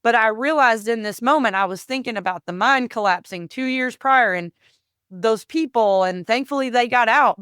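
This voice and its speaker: A woman's voice: fairly high pitch, pushed and bright, clean tone, dry recording, clean studio sound. A woman hosting a podcast, telling a personal story in an earnest way, often repeating words and calling listeners "y'all". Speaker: podcast host.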